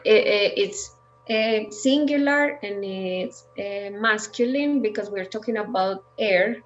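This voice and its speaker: A woman's voice: medium pitch, takes it slowly, lo-fi sound, faint music behind. A woman who is a native Spanish speaker teaching an online Spanish lesson, explaining patiently with many fillers over a video call.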